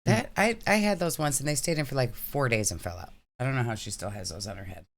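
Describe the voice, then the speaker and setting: Gravelly, teasing woman co-host. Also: extremely low pitch. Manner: teasing, quick retorts. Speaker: co-host reacting to a video. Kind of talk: casual reaction chat.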